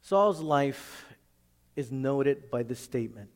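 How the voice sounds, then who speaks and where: A man's voice: mid-range voice, animated, slow, a little mellow, in a large hall. A man preaching a sermon as pastor, reading scripture aloud and explaining it in plain, earnest words.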